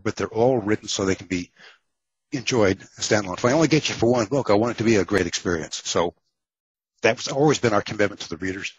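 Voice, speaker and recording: A man's voice: fairly low pitch, slightly rough, no room sound, highs cut off. A man with a Texan accent, an author being interviewed, telling wry stories with many filler words. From Texas. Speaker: author guest. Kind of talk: casual interview storytelling.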